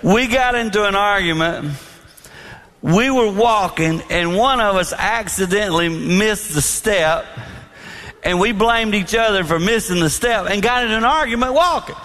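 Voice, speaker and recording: A middle-aged man preaching a storytelling sermon on marriage, animated, acting out quotes and laughing along. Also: high voice, moderate pace. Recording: long hall reverb.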